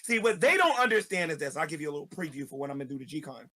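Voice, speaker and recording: A man's voice: fairly high pitch, very animated, rapid-fire, pushed and bright, husky. A man, a street evangelist, delivering an angry ranting video monologue, repeating himself and stammering as he goes.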